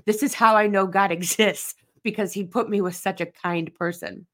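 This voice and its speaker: A woman's voice: mid-range voice, steady tone, normal speed. A woman in her forties, speaking as a podcast host in an earnest, personal monologue that leans on emphatic repetition. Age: 40s.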